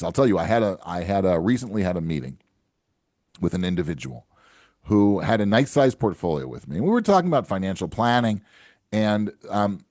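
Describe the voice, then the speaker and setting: Man, very low voice, financial advisor host, coaching tone, dry close sound. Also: a little mellow, no room sound. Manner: earnest and coaching, tags lines with "right?" and "okay?". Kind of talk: solo podcast talk to camera.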